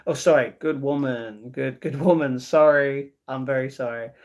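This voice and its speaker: A man's voice: mid-range voice, normal speed, darkish tone, muffled recording. A man hosting a casual livestream, reading viewer comments aloud and answering them with easygoing replies. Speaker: livestream host.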